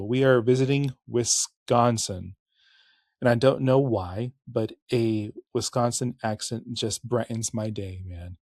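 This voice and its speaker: A man's voice: medium pitch, no echo, studio quality. A middle-aged man hosting a podcast, talking casually and candidly, cursing, restarting sentences and correcting himself as he moves into history narration. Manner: rambling, candid, curses, frequent restarts and self-corrections. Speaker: podcast host.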